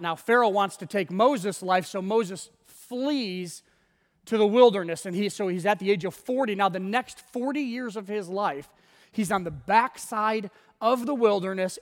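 Male pastor, high voice, chatty storytelling sermon in a big echoing church hall. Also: measured pace. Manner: conversational storytelling, retells scenes in casual voices.

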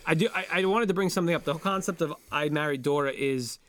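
A man with a slightly higher voice chats loosely as a podcast co-host, rambling from one thought to the next and tossing "man" into his sentences. The sound is close and dry, with no room echo. His delivery stays animated and casual. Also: quick pace. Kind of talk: casual chat.

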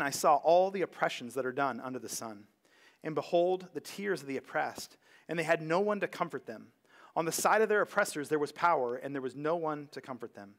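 A man preaching a casual sermon as pastor, talking in a conversational and animated way with many asides. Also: a little high. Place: church sanctuary.

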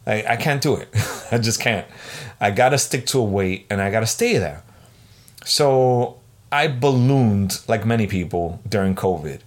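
A man around forty hosts his own podcast, his voice sitting a little low. He rants in a casual, exasperated way and swears freely as he tells his stories. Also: lively intonation, measured pace. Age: 40s. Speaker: podcast host. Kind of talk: solo podcast rant.

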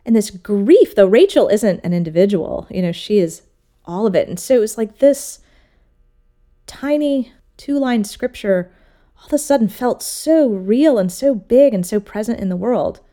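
In a casual interview, a woman sculptor appears as a guest and talks through her work. Her mid-range voice is lively and unhurried, and she tells her stories animatedly, slipping into the voices of people she quotes.

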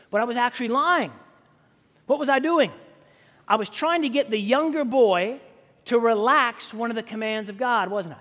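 High-voiced pastor in an echoing hall. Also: male voice, lively intonation, normal speed, fairly bright tone. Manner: conversational storytelling with many fillers and restarts. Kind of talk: sermon.

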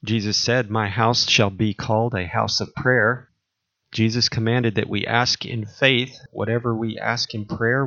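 A man preaching, reading a long series of scripture commands aloud in a measured, solemn way. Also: on the low side, a bit bright. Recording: dull lo-fi recording.

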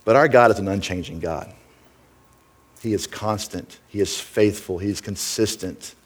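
A man's voice: lowish voice, normal speed. A middle-aged man preaching a sermon as pastor, earnest and conversational, often checking in with "right?".

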